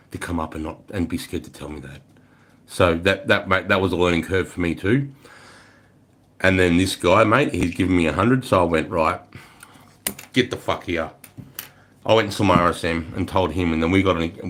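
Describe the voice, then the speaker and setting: A middle-aged Australian man chatting casually on a livestream, swearing freely as he tells stories. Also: sits low. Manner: swears freely, relaxed storytelling. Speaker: livestream host.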